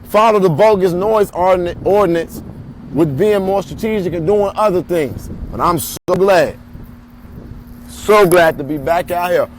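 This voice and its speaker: A high-pitched man delivers a rallying protest speech outdoors, leading chants into a phone. Faint street noise sits under his voice. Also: measured pace, low-quality recording.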